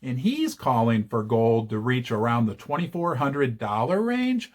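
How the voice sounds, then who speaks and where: Animated chatty man hosting a video. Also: medium pitch, measured pace. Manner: chatty and animated, jokey asides. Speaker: channel host. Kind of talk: casual investing commentary to camera.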